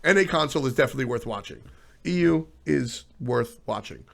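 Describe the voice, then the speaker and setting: A man with a mid-range, creaky voice talks briskly while hosting a casual esports livestream talk show. Animated, blunt and profane, he swears freely as he riffs and answers chat.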